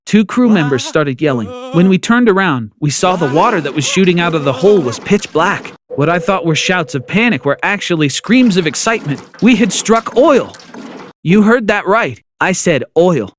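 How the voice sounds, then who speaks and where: A man narrating a first-person storytime with an animated telling. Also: sits high, brisk, few pauses.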